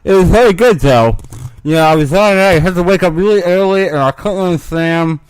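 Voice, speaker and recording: A man putting on a whiny high-voiced guy, pen in mouth, smooth tone, dry sound. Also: fairly quick, dry recording, close to an everyday voice. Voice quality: mouth-muffled, as if a pen is held in it. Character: whiny adult man mumbling around a pen.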